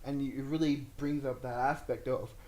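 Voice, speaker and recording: A young man in casual podcast talk, excitedly and profanely retelling movie scenes and acting out the characters' lines. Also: medium pitch, normal speed. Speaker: podcast co-host. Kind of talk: casual movie review chat.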